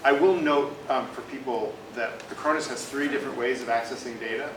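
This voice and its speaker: A man's voice: mid-range voice, steady tone, brisk. A man leading a group discussion at a user group meeting, eager and explanatory. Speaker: discussion leader. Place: office meeting room. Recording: distant echoey room, background noise.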